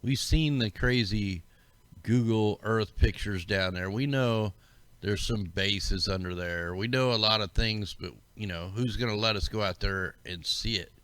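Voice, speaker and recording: A man's voice: fairly low pitch, a little slow, fairly bright tone, clean tone, no echo. A man hosting a livestream, rambling casually and conspiratorially as he talks through maps and greets his viewers. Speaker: livestream host. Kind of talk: casual commentary over maps.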